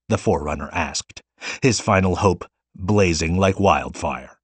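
A man narrating a science fiction audiobook in a measured, expressive way. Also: lowish voice, no echo.

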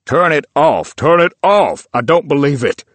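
A man's voice: measured pace, no room sound. A man doing a despairing grieving writer. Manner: low, heavy, despairing.

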